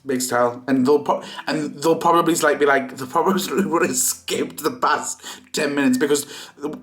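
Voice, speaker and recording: A man vlogging at home at night, chatting casually and tripping over his words with restarts. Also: medium pitch. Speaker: vlogger, co-host. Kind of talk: casual chat.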